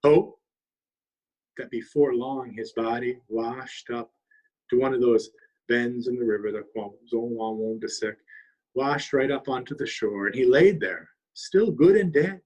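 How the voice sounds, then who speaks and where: A man telling a traditional trickster story aloud, lively and weaving in Abenaki words. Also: mid-range voice, unhurried, dull audio. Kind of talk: oral storytelling. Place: longhouse.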